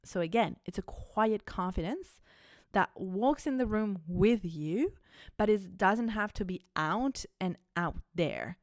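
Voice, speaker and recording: A woman's voice: mid-range voice, animated, slow, a little mellow, no echo, studio quality. A young adult woman hosting a podcast, talking candidly and casually, swearing freely and filling her sentences with "like". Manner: chatty and candid, swears freely, many "like" fillers. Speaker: podcast host. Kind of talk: casual confessional podcast talk.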